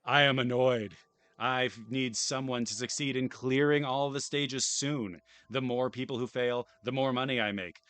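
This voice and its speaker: A man's voice: mid-range voice, moderate pace, a bit bright, clean tone, no echo, pitched above the performer's own voice, natural voice. A man putting on a boastful, theatrical voice to read out a gloating rich male horror park owner from a game. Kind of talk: dramatic reading of game text.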